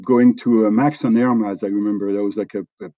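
A man's voice: fairly low pitch, fairly even intonation, fast, mellow, dry recording, muffled recording. A middle-aged man with a French accent, a company executive telling stories as an interview guest, with many fillers and restarts. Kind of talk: conversational storytelling.

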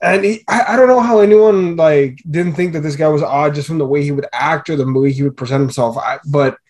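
A man chats casually on a podcast, wandering through his points with frequent ums and restarts. His voice sits slightly high for a man. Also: fairly quick, darkish tone. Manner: rambling, hesitant, filler-heavy talk. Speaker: podcast co-host.

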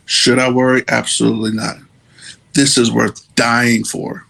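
A man hosting a podcast, speaking in an earnest, halting and emotional way. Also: medium pitch, level tone, vocal fry, sharp tone. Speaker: podcast host. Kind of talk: emotional personal monologue.

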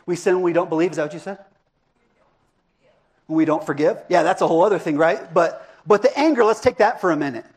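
A man's voice: high voice, fast, a little mellow, slightly rough. A middle-aged man preaching a sermon as a pastor, talking casually and asking his congregation questions. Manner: conversational, asks the congregation questions. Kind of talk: interactive sermon.

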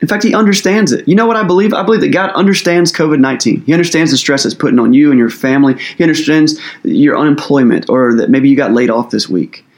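A man's voice: on the high side, quick pace, few pauses, darkish tone. A man preaching as pastor in a conversational sermon, earnest and casual, with loose phrasing and plenty of fillers.

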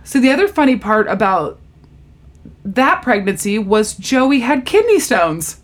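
A woman's voice: a little high, unhurried. A woman in casual chat who is animatedly retelling a story and says "like" a lot. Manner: animated storyteller, heavy use of "like", laughs often. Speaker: friend retelling a TV episode.

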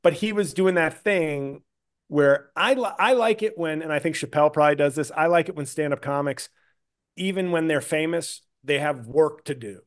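A man guesting on a comedy podcast, telling stories in casual chat and acting out other people in a whiny raised voice. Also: normal speed. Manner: animated storyteller, acts out others in a high whiny voice.

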